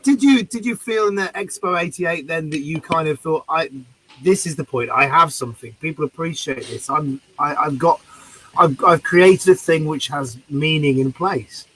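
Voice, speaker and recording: A man's voice: a little high, normal speed, a bit bright, a little hiss or hum, rough recording. A man hosting a podcast and asking the guest conversational, prompting questions. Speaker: podcast host. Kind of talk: interview questions.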